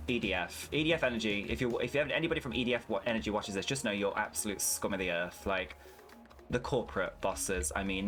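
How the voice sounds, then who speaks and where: A young man with a fairly low voice talks casually over a game stream. He rambles and swears freely, slipping into rants. Soft music plays faintly behind him. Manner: chatty, swears freely, ranting. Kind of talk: casual gameplay commentary.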